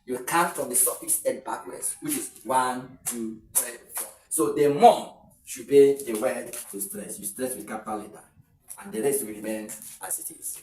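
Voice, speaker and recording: A man's voice: medium pitch, moderate pace, darkish tone, far from the mic, slight background noise. A man teaching an exam-prep lesson, explaining step by step and counting syllables aloud with fillers and restarts. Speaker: English tutor. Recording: echoey room, voice a little off-mic.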